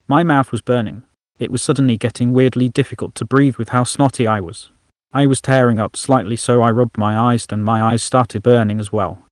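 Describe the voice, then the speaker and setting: A male storyteller with a mid-range voice and steady, measured delivery. The read is dry and close, with no room around it. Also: medium pitch, dry recording. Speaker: narrator. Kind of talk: storybook narration.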